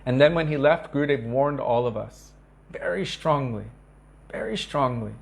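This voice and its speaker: A man's voice: moderate pace, vocal fry. Earnest man giving a devotional talk. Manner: earnest storytelling with emphatic repetition; acts out quoted speech with sharp pitch shifts. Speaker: spiritual teacher.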